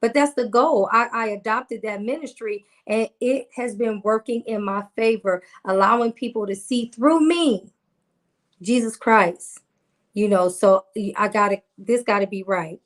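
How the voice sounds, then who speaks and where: A woman's voice: a little high, measured pace. A woman guest in a casual faith conversation, earnest and preacherly, repeating lines for emphasis.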